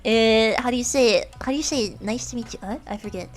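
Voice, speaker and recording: A woman streamer chatting casually while she plays, excitable and quick to laugh. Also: a little high, soft background music. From United States. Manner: giggly, excitable, laughs often. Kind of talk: casual chat while gaming.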